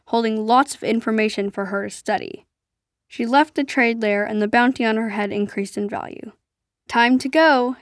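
A woman narrating an adventure story aloud in a steady storytelling way. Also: on the high side, dry recording, clean studio sound. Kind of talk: storybook reading.

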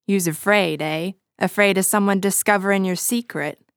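A woman's voice: medium pitch, fairly even intonation, moderate pace, no echo, studio quality, close to an everyday voice. Woman doing a coarse, growling male bully. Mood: taunting. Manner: growling, rough ungrammatical speech.

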